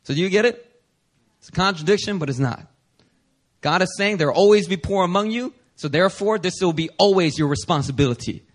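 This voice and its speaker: A man preaching a sermon as pastor, reading scripture aloud and then putting rhetorical questions to his congregation. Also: high-pitched. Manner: slows for emphasis on key verses.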